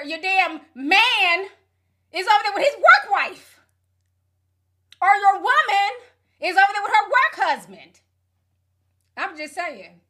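Bright high-voiced woman with blunt, profane commentary. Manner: blunt, profane, laughing storyteller. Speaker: commentary show host. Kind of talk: casual gossip commentary.

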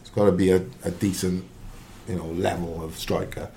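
A man, a former striker, giving his football opinions in a casual sports radio chat, emphatic and quick to jump in. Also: low-pitched, a little hiss or hum. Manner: animated, emphatic, interjects often.

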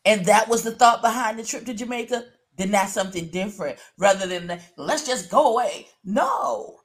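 Woman reviewer, mid pitch, explanatory casual talk with acted quotes. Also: brisk. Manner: explains at length, acts out quoted lines, calls others beloved. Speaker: review panelist. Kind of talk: casual show recap chat.

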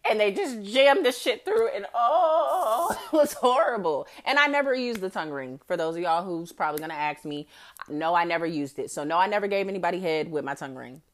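A woman's voice: on the low side, quick pace. A woman in her forties hosting a podcast, telling a comedic story in a brash, profane way and often laughing mid-sentence. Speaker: podcast host.

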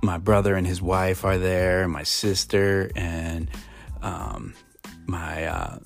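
A man's voice: sits low, slow pace, vocal fry, no echo, soft background music. A middle-aged man from Montana telling a rambling story casually, full of fillers and restarts.

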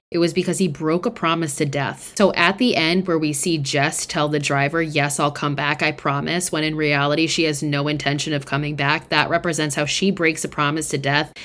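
A woman's voice: low-pitched, a bit bright. A young woman podcast host casually retelling a film's plot, chatty and full of swearing and fillers. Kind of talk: casual film recap.

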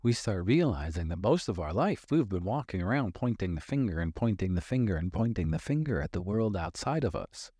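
Low, husky man, animated coaching talk. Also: brisk, few pauses, no echo, clean studio sound. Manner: candid and emphatic, swears casually, repeats phrases for stress. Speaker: podcast host and life coach. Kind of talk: motivational podcast monologue.

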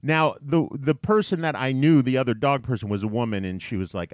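Profane, animated man telling a story. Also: medium pitch, a little fast, no room sound, clean studio sound. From New York. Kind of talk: casual chat.

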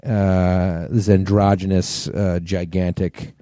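Man, podcast co-host, casual rambling chat, mellow warm tone, dry close sound. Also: low voice, little pitch movement, slow, dry recording. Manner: loose, rambling, laughs easily.

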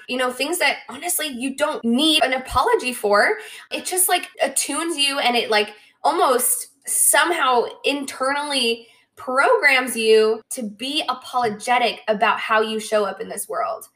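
Chatty, bright-voiced woman podcast host. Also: high-pitched. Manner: chatty, frequent "like" and "right?", animated quoted asides. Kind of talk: casual podcast monologue.

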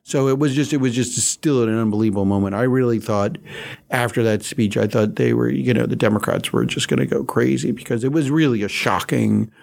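A man, a veteran political reporter, recounting memories in a halting, anecdotal way with many fillers. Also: medium pitch, gravelly, darkish tone. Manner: anecdotal, halting, lots of "you know". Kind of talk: interview storytelling.

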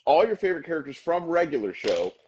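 A man in his thirties, co-hosting a casual podcast, telling an animated story with playful voices for the characters. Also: fairly high pitch, quick pace, dull audio, a little hiss or hum. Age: 30s. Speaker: podcast co-host. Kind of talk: casual chat.

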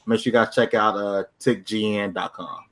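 A man's voice: fairly low pitch, fairly even intonation, moderate pace. A man guesting on a gaming podcast, upbeat and jokey, chatting casually.

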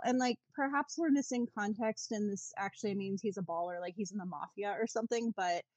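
A woman co-hosting a podcast in a casual chat, wry and sweary with quick asides. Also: mid-range voice, a little mellow, no echo. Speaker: podcast co-host.

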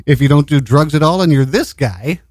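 A man's voice: on the high side, lively intonation, brisk, darkish tone, no room sound, studio quality. A man co-hosting a bawdy, casual chat show, joking and running drinking-game bits. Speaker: podcast co-host.

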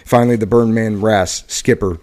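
Podcast host guy reading a book out loud, lowish voice, fixes his slips as he goes. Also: moderate pace. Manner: steady reading with occasional stumbles and self-corrections. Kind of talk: reading a book passage aloud.

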